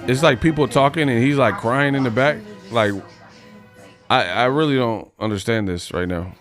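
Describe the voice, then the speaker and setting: A man's voice: medium pitch, soft background music. A man hosting a boxing commentary video, talking in a loose, conversational way and drawing out his lines. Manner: loose, conversational, drawn-out delivery.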